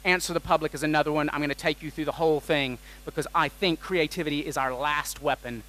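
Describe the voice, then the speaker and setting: A man delivers a lively keynote talk from a conference stage. His voice sits a bit on the high side, and he keeps things playful and quick-witted, throwing questions out to the audience as he goes. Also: poor audio. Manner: energetic and jokey, quizzing the audience.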